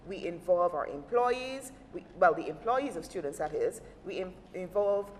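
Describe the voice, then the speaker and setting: A woman's voice: on the low side, expressive, normal speed. Woman explaining on a panel. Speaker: panel guest, quality assurance officer. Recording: noisy roomy hall.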